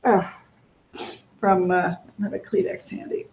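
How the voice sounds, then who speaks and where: A woman's voice: on the low side, level tone, measured pace, darkish tone. A middle-aged woman with a scratchy, sniffly voice giving a casual coaching talk, chatty and often laughing as she acts out sample lines. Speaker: real estate coach.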